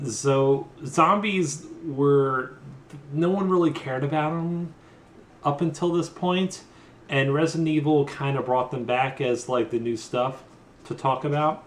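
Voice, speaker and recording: A man who has been drinking retells a video game's plot in a loose, rambling, profane way, slipping into quick mock voices for the characters. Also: mid-range voice, a bit bright, slight background noise. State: tipsy from drinking. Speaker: comedy vlogger retelling a game plot. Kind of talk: loose comedic plot recap. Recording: echoey room with faint background ambience.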